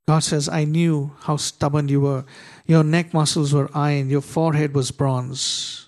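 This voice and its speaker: A pastor delivers a sermon in an emphatic, rising style, hurling rhetorical questions at his audience and slowing down to read scripture with gravity. His voice is slightly higher than the average man's, a little mellow, with a flat delivery.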